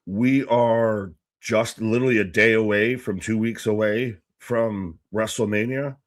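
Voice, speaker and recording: A man's voice: on the low side, fairly even intonation, measured pace, dry recording, studio quality. A man co-hosting a live wrestling reaction stream, chatting casually, joking and arguing his points. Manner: playful, argues points and jokes along.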